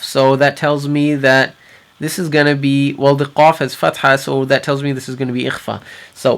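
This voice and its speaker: A man teaching Quran recitation rules, explaining patiently and repeating each example word slowly so learners can hear it. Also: mid-range voice, little pitch movement. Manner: patient, repeats Arabic words slowly for practice. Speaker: tajweed teacher.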